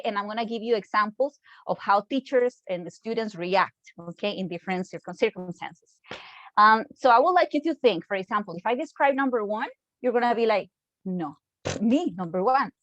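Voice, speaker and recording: A woman's voice: medium pitch, lively intonation, brisk, fairly bright tone, no echo, muffled recording. A woman with a Costa Rican Spanish accent, whose first language is Spanish, giving an online lecture in a chatty way and often checking in with "okay?". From Costa Rica.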